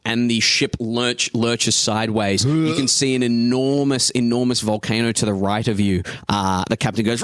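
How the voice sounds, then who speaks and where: A man's voice: medium pitch, fairly even intonation, moderate pace, few pauses, fairly bright tone, no echo. A man narrating a tabletop game as game master, describing scenes at length with frequent hesitations. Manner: descriptive, hesitant with many uhs.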